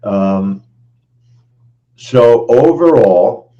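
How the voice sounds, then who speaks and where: A man hosting a live trading stream in an emphatic, animated way, repeating lines for stress. He speaks slowly in a mid-range voice. The sound is dull and lo-fi. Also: mid-range voice. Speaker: trading show host. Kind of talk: live-stream trade recap.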